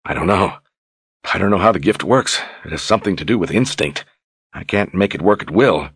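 A man's voice: low voice, expressive, brisk, fairly bright tone, slightly rough, no room sound, studio quality, full character voice. A man as a grim young warrior leader. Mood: subdued, wistful.

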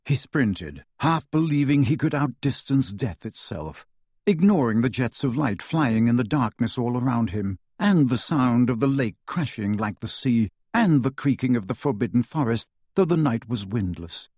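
Expressive male audiobook narrator, husky voice, dry close recording; lively storytelling delivery. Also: mid-range voice, moderate pace, no room sound. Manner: dramatic, varied pacing.

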